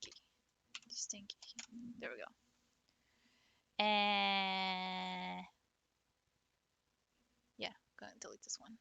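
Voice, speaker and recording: A woman's voice: mid-range voice, level tone, slow, creaky, pauses often, bright, forceful tone, smooth, dry recording. A woman who teaches French, chatting casually on a livestream, giggling often and swearing offhandedly. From United States.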